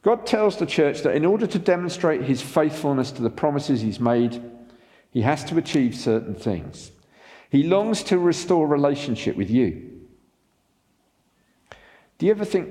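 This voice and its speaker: A man preaching a sermon as pastor, animated and asking the congregation rhetorical questions. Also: on the high side, moderate pace, long pauses, in a large hall.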